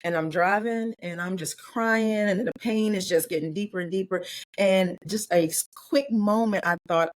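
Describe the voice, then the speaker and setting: A woman guest from Maryland telling a heartfelt personal story in an interview, emotional and close to tears, with quick earnest bursts. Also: mid-range voice, dry recording. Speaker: guest, life and business coach.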